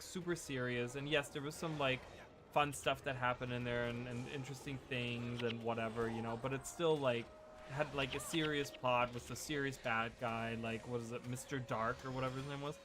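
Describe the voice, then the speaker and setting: Over game music and other background noise, a male gaming creator with a medium-pitched voice offers rambling, casual commentary while he plays. He talks into a USB desk microphone and frequently starts his sentences over.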